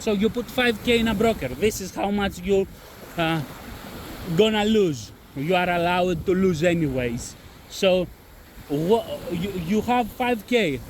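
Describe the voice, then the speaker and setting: A man's voice: high-pitched, slight background noise. Blunt man with a foreign accent. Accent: non-native English. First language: not English. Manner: blunt, repetitive, swears. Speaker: trading channel host. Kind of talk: casual talk to camera-less audience.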